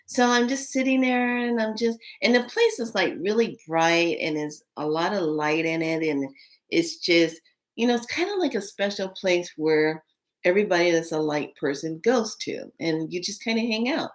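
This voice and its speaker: A woman telling a spiritual story in casual, animated speech with many fillers, acting out quoted voices. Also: lowish voice, normal speed.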